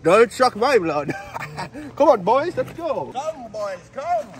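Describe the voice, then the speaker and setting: Male vlogger as a campy fanged vampire, put-on accent, theatrical cackle, lively swooping delivery, outdoors. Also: extremely high pitch, slow pace, crowd noise, voice pushed up, full character voice. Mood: hammy. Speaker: wildlife ranch owner. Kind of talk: comedic in-character vlog. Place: outdoors on a ranch.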